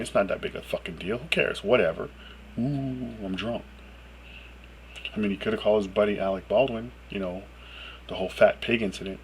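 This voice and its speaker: A man ranting alone to camera as a video blogger, emphatic and swearing freely, his voice jumping up high when he gets exasperated. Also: a little hiss or hum, poor audio. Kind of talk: profane ranting monologue.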